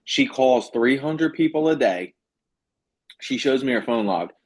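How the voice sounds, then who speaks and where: A man coaching a group on a video call, emphatic and animated, repeating his points to drive them home. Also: medium pitch, a little slow. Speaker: business coach.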